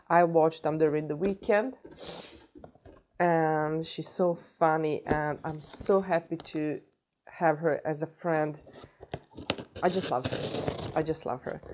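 Beauty vlogger, woman from Sweden, has a cold, slightly low voice, gushing and giggly. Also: a little hiss or hum. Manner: excitable, gushing, breaks into giggles. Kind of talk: casual unboxing vlog.

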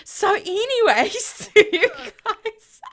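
A woman giving bubbly, excitable commentary while playing a life-simulation game on her channel. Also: very high voice, very slow. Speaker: gaming channel host.

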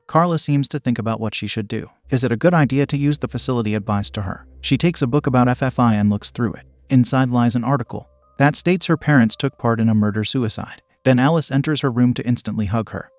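A man narrating a horror film recap in a steady, scripted storytelling voice. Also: medium pitch.

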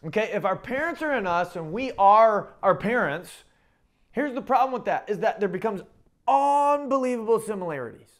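A man's voice: sits high, expressive, moderate pace. A middle-aged man, a pastor, giving a conversational sermon, often checking in with "okay?" and "right?" and repeating his phrases as he goes. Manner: repeats and restarts phrases while talking.

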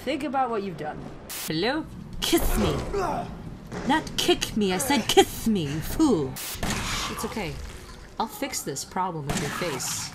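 A woman's voice: medium pitch, sing-song, measured pace, pauses often. A woman gaming streamer giving sarcastic, profane commentary while playing a horror game and shrieking at the scares. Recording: noisy home recording.

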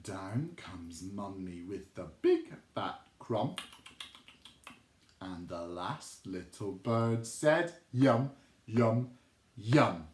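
A man's voice: sits low, big pitch swings, very slow. A man teaching a young children's music lesson, with playful, sing-song, dramatic rhymes. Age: adult. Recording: roomy echo.

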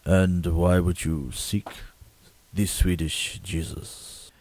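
A man doing a halting, deep-voiced refugee. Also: fairly even intonation, a little mellow, dry recording, full character voice. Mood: earnest. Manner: halting, repetitive broken phrasing. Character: soft-spoken refugee man.

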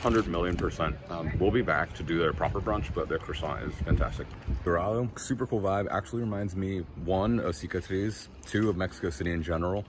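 Deep-voiced man vlogging casually. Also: brisk, background noise. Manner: relaxed, rambling, enthusiastic about food. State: tired from little sleep. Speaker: travel vlogger. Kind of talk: casual walk-and-talk vlog. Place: cafes and streets, indoors and out. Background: music.

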